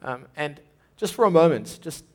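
Male preacher, fairly high voice, earnest sermon delivery with frequent word repeats. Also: sing-song, normal speed, a little mellow. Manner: earnest, often repeats and restarts words.

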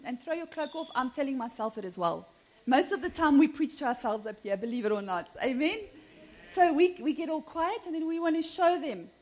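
A woman preaches with animated energy, her voice sitting high. She keeps calling out to the congregation for amens and breaks into laughter as she talks. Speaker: pastor. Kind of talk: sermon.

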